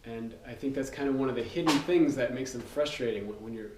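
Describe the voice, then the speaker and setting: Speaking fast with a medium-pitched voice, this man plays a relaxed drum teacher walking through rudiments informally. He counts aloud and leans on fillers as he teaches. The audio is roomy and distant, with loud background noise.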